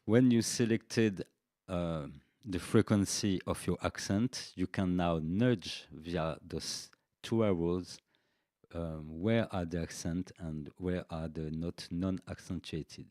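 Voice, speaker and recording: A man walks through a music software tutorial on a live stream, speaking slowly and patiently. His voice sits very low and mellow, recorded dry and close. Faint drum machine beats tick along behind him. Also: no echo. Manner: unhurried, explanatory, with frequent "okay" checks.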